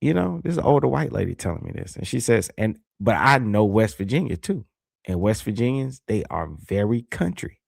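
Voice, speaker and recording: A man's voice: lowish voice, very animated, a little fast, creaky, darkish tone, husky, dry recording, studio quality. A man hosting a livestream, telling a story in a laid-back, rambling way and reading viewer comments aloud. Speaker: livestream host. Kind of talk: casual livestream chat.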